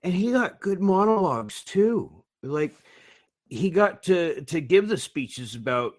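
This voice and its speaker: A man's voice: on the high side, lively intonation, a little slow. A man co-hosting a casual podcast chat, laughing often and retelling movie scenes. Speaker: co-host.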